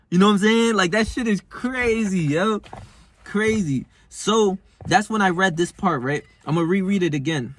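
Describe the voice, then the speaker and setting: A man's voice: high-pitched, moderate pace, fairly bright tone. A man in his twenties talking casually in a vlog, rambling in slang with plenty of swearing. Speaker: self-help vlogger.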